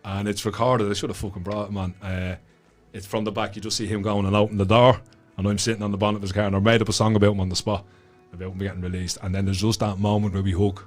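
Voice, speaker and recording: A fairly low-pitched man talks fast in a level tone with few pauses, soft music playing underneath. This middle-aged Irish podcast guest tells his story with passion, swearing freely and repeating himself as his feelings rise.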